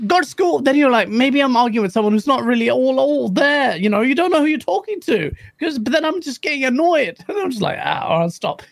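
Animated male podcast co-host, dry sound. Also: very high-pitched, fairly quick, gravelly, few pauses, no echo. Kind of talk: casual podcast chat.

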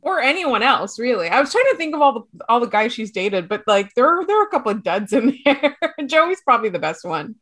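A woman co-hosting a podcast, teasing playfully and quick to laugh in casual chat. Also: on the high side, sing-song, fairly bright tone. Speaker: podcast co-host.

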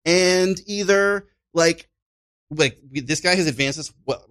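Male storyteller, animated, acts out the voices in his anecdotes; pitch on the higher side. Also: unhurried. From Chicago. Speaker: podcast guest, improviser. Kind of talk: casual storytelling chat.

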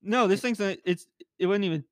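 A man's voice: sits high, brisk, clear, resonant tone, no room sound, clean studio sound. Upbeat young man telling stories. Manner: laughing, animated retelling with quoted voices. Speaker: podcast co-host. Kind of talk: casual storytelling chat.

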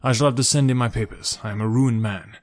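A man reading the lines of a scheming, greedy army major in an audiobook, in a halting, guarded way. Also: medium pitch, steady tone, a little mellow, lightly acted. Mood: despairing. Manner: halting, guarded officer's speech.

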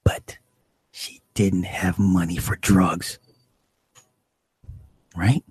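A man telling a comic story in a casual, profane, animated way. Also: deep voice, extremely slow, breathy edge, no echo. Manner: animated, profane, acts out the people he describes.

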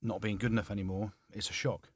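A man in his forties with a lowish voice, talking in casual podcast banter as a retired rugby player. He ribs his friends and gets loud when he jokes. The sound is close and dry. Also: quick pace, slightly rough, no room sound. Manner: teasing, loud and lively when joking.

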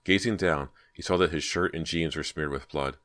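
A man reading a horror audiobook in a steady, measured way. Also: very deep voice. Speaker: audiobook narrator. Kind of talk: scripted horror narration.

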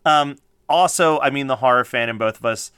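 Man, podcast co-host, casual chat, bright tone, smooth clear voice, laughs a lot. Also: medium pitch, fairly quick, no echo, studio quality. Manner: laughs often, quotes lines in animated voices.

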